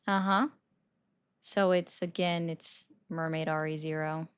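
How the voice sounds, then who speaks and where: A woman's voice: deep voice, fairly even intonation, unhurried, smooth. Chatty woman hosting a call-in stream. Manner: chatty, reads and answers viewer comments. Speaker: livestream host taking calls. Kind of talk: casual political commentary chat. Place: bedroom at home. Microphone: desk microphone.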